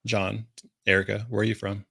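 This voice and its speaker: Co-host, lower male voice, upbeat, dry close sound. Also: level tone, fairly quick, vocal fry, pushed and bright, husky, dry recording. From California. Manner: upbeat, talks to the chat audience. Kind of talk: casual livestream chat.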